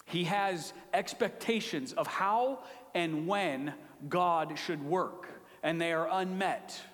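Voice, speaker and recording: A man preaching a sermon, retelling a scripture story with dramatic shifts between pleading outbursts and hushed whispers. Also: on the high side, slow pace. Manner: dramatic retelling, acting out voices with loud pleas and hushed whispers. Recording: long hall reverb.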